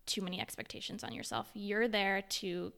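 A woman's voice: mid-range voice, big pitch swings, moderate pace, creaky, bright, forceful tone. A young adult woman talking as a guest in a casual interview, a mother and blogger speaking candidly with lots of fillers. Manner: chatty and candid, with frequent fillers.

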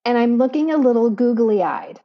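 A woman with a fairly high, lively voice speaks at a moderate pace as she co-hosts a podcast, recorded on a laptop mic that cuts off the highs. She tells a story earnestly and from the heart, slipping in self-deprecating asides, in a reflective storytelling chat.

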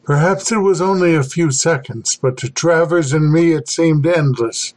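A man reading a horror story aloud as the podcast host, slow and deliberate. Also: on the high side, low-quality recording. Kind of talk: scripted horror narration.

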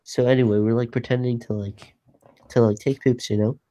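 A young man guest chatting over a video call, halting and apologetic. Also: medium pitch, level tone, mellow. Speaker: podcast guest. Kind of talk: casual chat on a video call.

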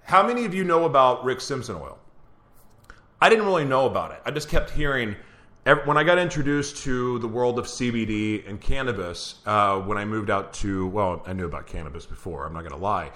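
A man hosts a live-streamed chat, talking casually and laughing often between read-out passages. His voice is bright and forceful, though he is losing it a bit. He speaks into a computer mic on a video call. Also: mid-range voice, animated, brisk. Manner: chatty, laughs often, reads an intro aloud. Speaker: show host.

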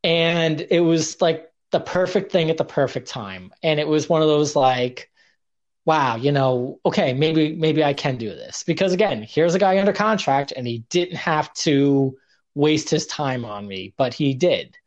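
A man's voice: a little high, animated, unhurried, lo-fi sound. A young man, a guest on a podcast, telling stories in a rambling, self-deprecating way with lots of fillers and restarts. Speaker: guest, indie wrestler. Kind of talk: casual storytelling interview.

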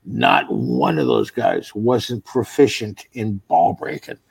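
A middle-aged man with a gravelly, husky voice tells loose, profane stories in relaxed chat. His speech sits at an ordinary pitch and sounds dry, close and unechoing. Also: takes it slowly, dry recording. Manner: rambling, profane storytelling. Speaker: stand-up comedian. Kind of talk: casual podcast chat.

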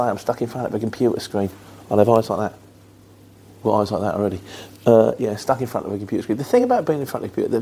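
Answering questions from viewers, this English trucker in his middle years chats loosely and plainly, rambling with plenty of fillers. His lowish voice is dark and slightly rough, carrying a Luton accent with a Mockney market-trader edge.

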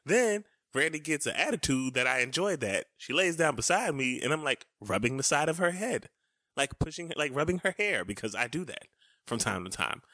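A young man co-hosting a podcast, teasing his partner and telling a story in a lively, joking way. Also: fairly high pitch, normal speed, no room sound, clean studio sound. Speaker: podcast co-host. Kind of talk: casual couple banter.

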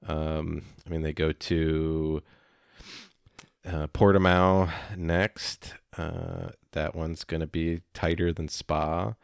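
A man chatting casually as a podcast co-host, rambling and halting with many fillers. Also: rumbling low, little pitch movement, vocal fry, clean tone, dry recording, clean studio sound. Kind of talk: casual chat.

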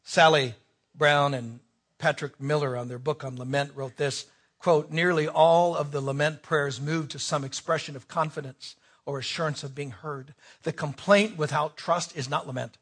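Man, sermon, high husky voice, dramatic swings from quiet to loud. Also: fairly even intonation, normal speed. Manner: dramatic, swings from hushed to shouting. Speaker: preacher.

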